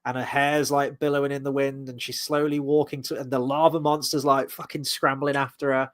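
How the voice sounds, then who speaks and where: A man co-hosting a casual film podcast, animated and swearing casually as he recounts favourite scenes. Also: medium pitch, brisk. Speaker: podcast co-host.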